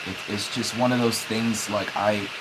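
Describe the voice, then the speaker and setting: A young man livestreaming, speaking haltingly as he holds back tears, with many restarts and repeated words. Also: fairly low pitch, steady tone, noisy background. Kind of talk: emotional livestream talk.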